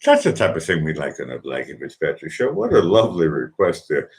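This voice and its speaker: A man's voice: extremely low pitch, huge pitch swings, brisk. A man, hosting a late-night online music request show in a rambling, chatty way with many restarts and asides. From Boston, USA. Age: 50s. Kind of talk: casual late-night livestream chat.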